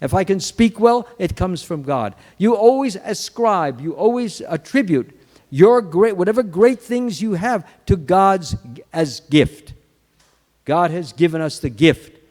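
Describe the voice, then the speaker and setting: A man's voice: sits high, animated, a little mellow. A man giving a Sunday temple sermon, telling a story, acting out the quoted lines and restarting words as he goes. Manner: acts out quotes, restarts words, lists qualities slowly. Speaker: Hare Krishna swami giving a Sunday lecture. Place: temple hall. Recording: long hall reverb.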